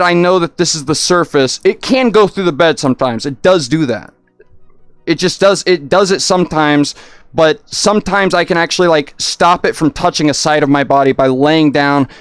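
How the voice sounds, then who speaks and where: Man, livestreamer, casual rambling chat, high pitch, faint background music. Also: no echo. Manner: rambling and excitable, many restarts.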